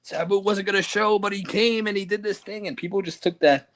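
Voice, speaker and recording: A man's voice: high-pitched, fairly even intonation, a little fast, a bit bright. A man, a wrestler, telling loose, profane stories in a casual interview and acting out other people's lines. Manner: loose, profane storytelling with quoted voices. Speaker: professional wrestler, guest.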